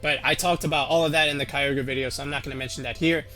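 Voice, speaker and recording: A man's voice: a little high, steady tone, fast, sharp tone, faint music behind. A man casually walking through a game teambuilding tutorial, rambling with lots of fillers and restarts. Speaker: competitive game YouTuber.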